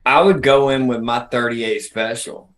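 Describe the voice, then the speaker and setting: A man's voice: mid-range voice, moderate pace, fairly bright tone. A man co-hosting a podcast, rambling through crude comedic bits in casual chat. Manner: crude joking, drawling asides. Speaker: podcast co-host.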